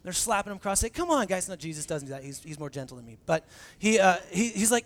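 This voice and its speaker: Man, pastor, sermon, high voice, conversational, acts out quotes. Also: very animated, quick pace, slight background noise.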